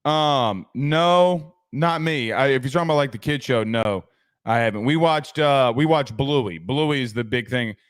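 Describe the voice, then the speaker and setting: A man hosts a sports podcast in an unhurried, mid-range voice with clean sound. He chats loosely, reads viewer comments, restarts his sentences often, and swears casually.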